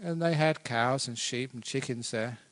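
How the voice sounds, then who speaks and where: A man, a Buddhist monk, giving a dharma talk with animated, conversational storytelling and acted-out quotes. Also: mid-range voice, moderate pace.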